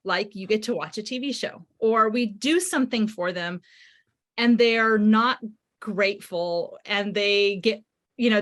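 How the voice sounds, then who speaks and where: A middle-aged woman, a parenting author and psychotherapist, is a guest on a podcast interview. She explains ideas and acts out what parents say. Her voice is fairly high-pitched and a bit bright.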